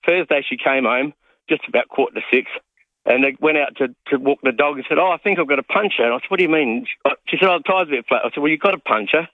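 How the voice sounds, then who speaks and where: A man's voice: mid-range voice, fast, no room sound. A man in his late fifties, a radio caller, telling a rambling, self-mocking story over the phone. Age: 50s. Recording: tinny phone line.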